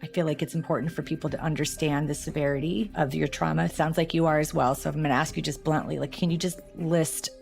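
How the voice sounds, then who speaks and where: A woman hosting a podcast, giving scripted narration and asking measured interview questions. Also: sits low, fairly even intonation, vocal fry, darkish tone, soft background music. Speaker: podcast host.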